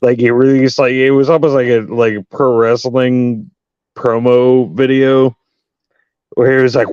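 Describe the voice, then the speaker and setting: A man's voice: medium pitch, flat delivery, a little mellow, clear, resonant tone, no room sound, lo-fi sound. A man in a casual chat who stammers, restarts and jokes around. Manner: halting, stammering, joking.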